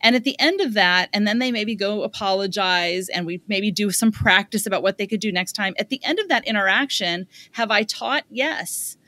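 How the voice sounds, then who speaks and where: A woman's voice: medium pitch, normal speed, hardly any pauses. A middle-aged woman from the United States, a parenting expert guest in an interview, speaking in a conversational way and acting out parent and child lines as she tells stories. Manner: animated storytelling with acted parent and child quotes.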